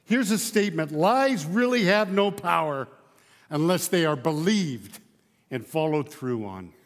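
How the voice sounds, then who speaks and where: High-voiced preacher pressing rhetorical questions. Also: male voice, expressive, measured pace, long reverb tail. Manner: emphatic, repeating rhetorical questions. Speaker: pastor. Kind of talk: sermon.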